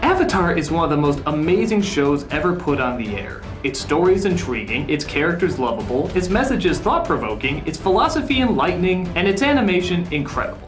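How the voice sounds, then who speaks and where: A man hosting a comedic review who talks in an exaggerated way and often breaks into yelling. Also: on the high side, big pitch swings, a little fast, few pauses, over music.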